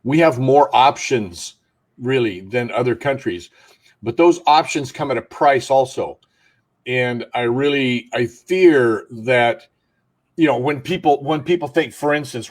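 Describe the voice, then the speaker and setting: A man's voice: mid-range voice, a little slow. A man co-hosting a talk show, making blunt points with everyday analogies. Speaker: co-host. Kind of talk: casual talk show discussion.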